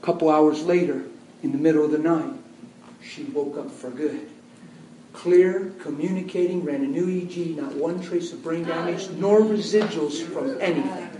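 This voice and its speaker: A man preaching a sermon as an animated storyteller, swinging between loud bursts and hushed asides. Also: a little high, normal speed, slight background noise. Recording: echoey hall from far off.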